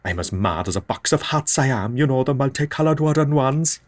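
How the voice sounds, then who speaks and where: A man playing a zany, unhinged oddball whose invented accent bounces all over the place in pitch. He rattles from one absurd boast to the next, on a comedy podcast. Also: expressive, a little fast, natural voice. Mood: manic. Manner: zany, rambling, jumping between topics.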